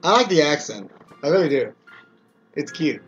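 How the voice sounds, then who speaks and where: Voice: mid-range voice, normal speed, dull audio, music in the background. A player reading a game's story aloud and reacting with swearing and laughs. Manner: swears a lot, laughs, animated asides. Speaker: game player.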